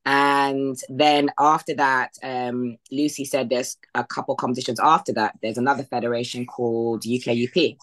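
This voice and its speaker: A woman's voice: a bass voice, fairly even intonation, normal speed, few pauses. A woman from the United Kingdom, a podcast guest, telling her story casually and acting out past conversations with lots of fillers. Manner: retells past conversations in quoted voices, with frequent fillers and laughs. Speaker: podcast guest, bodybuilding athlete.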